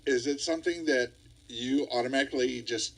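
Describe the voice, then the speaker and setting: A man hosts a radio interview show with a husky, slightly breathy voice. He sounds enthusiastic and laughs along with his guest as he asks questions. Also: mid-range voice, fairly quick, a bit bright, rough recording.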